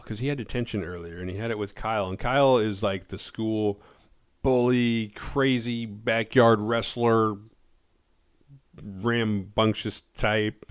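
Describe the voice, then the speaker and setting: Laid-back low-voiced man recapping a movie. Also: dry recording, clean studio sound. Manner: laid-back, profane, drops quick character voices. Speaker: horror movie reviewer. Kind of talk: casual movie plot recap.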